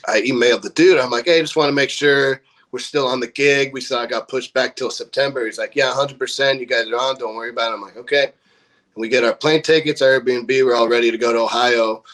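A mid-range voice, slightly fast, belongs to a young band member from California. He tells a loose, profanity-laden story and acts out the quotes with animation.

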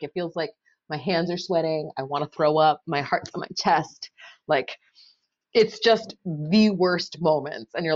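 A woman's voice: lowish voice, highs cut off. A woman public defender speaking casually and candidly in a podcast interview, with many fillers.

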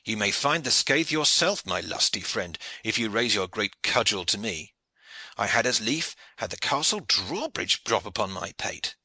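A man voicing a grim, vengeful older soldier, gruff and earnest. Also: lowish voice, sing-song, normal speed, pushed and bright, no room sound, heavily acted.

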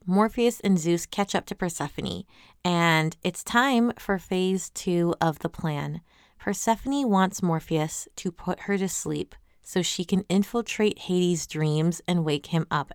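Lower-voiced woman recapping a webtoon. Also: smooth, dry recording, studio quality. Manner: animated, asks many questions. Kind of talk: casual commentary reading viewer comments.

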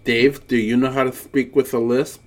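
A man's voice: mid-range voice, level tone, moderate pace. A man co-hosting a podcast, chatting casually. He reminisces and drifts into quoting old TV shows, keeping a talkative, easy flow. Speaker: podcast co-host. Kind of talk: casual chat.

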